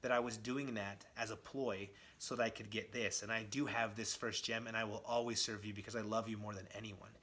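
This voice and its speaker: A man's voice: lowish voice, fairly even intonation, a little fast, hardly any pauses, fairly bright tone, lightly acted. A man speaking the lines of an arrogant, scheming male cosmic warlord while retelling a comic book.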